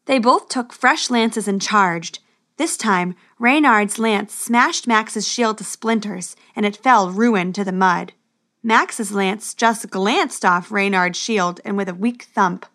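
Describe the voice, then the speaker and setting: A woman's voice: mid-range voice, slow. Woman reading a storybook tale. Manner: steady, expressive narration. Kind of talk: storybook narration.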